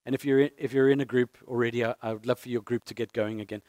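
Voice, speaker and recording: A man's voice: mid-range voice, fairly even intonation, rapid-fire, a little mellow, no room sound, clean studio sound. A man preaching a sermon as a pastor, earnest and heartfelt, repeating key phrases for emphasis.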